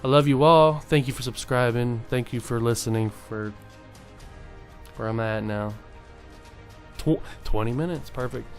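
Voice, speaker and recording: A man's voice: medium pitch, unhurried, long pauses, faint music behind. A young man talking casually and earnestly to his viewers, rambling with many fillers and restarts. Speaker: vlogger. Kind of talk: casual motivational monologue.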